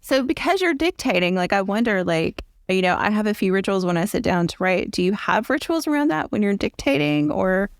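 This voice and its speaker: A woman's voice: mid-range voice, lively intonation, fairly quick, gravelly, hardly any pauses, no room sound, clean studio sound. A woman from the American South with a Southern accent, hosting a podcast interview and chatting casually. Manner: chatty, thinks aloud with restarts. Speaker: podcast host.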